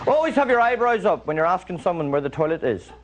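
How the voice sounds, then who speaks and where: A stand-up comedian, a man, talking on a television stage in a dry, meandering way and slipping into little acted scenes from daily life. His voice sits a little higher than most men's. A big studio audience laughs loudly over a noisy broadcast recording. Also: big pitch swings, quick pace, over a noisy crowd. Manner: dry, rambling, acts out small everyday scenes. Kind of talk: observational stand-up routine.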